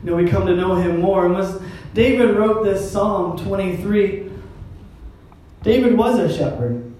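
A man's voice: high-pitched, unhurried, darkish tone, a little hiss or hum. A man preaching a sermon as pastor, in a conversational style with wry, self-deprecating asides. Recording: echoey hall, mic at a distance.

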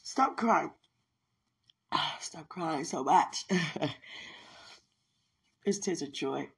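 A woman's voice: deep voice, lively intonation, very slow, creaky, a bit bright, breathy edge. A woman rambling to herself in an emotional monologue, sighing and praying aloud as she talks. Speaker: mother talking to herself.

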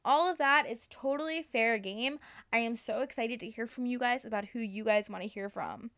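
A woman's voice: on the high side, moderate pace, fairly bright tone. Bubbly young woman podcast host. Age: young adult. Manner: bubbly, fillers like "like". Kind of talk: casual podcast chat.

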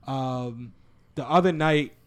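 A young man co-hosting a casual podcast about fatherhood, chatting in relaxed slang and getting animated when he tells stories. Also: medium pitch, slow, smooth. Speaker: podcast co-host.

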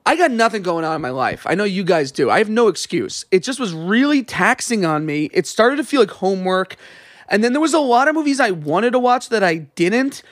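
Guy cohosting a podcast, swears a lot, jumps all over in pitch, dry sound. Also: brisk, no room sound. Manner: animated, swears, rambling. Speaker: podcast co-host. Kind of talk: casual chat.

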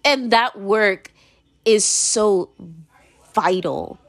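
A woman's voice: mid-range voice, extremely slow. A young American woman giving her opinions in a casual monologue, rambling, blunt and profane, with lots of "like". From United States. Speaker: commentator.

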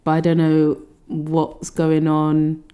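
A young woman co-hosting a casual podcast. Her voice is mellow and warm, sitting a little low, and she gushes with quick, playful asides. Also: completely flat delivery, smooth. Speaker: podcast co-host. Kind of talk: casual chat.

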